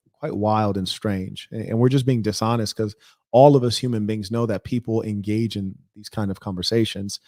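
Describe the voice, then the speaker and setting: A man's voice: fairly low pitch, warm tone, no echo, studio quality. A man hosting a reaction video, speaking in an indignant, rambling and emphatic way. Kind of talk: reaction commentary.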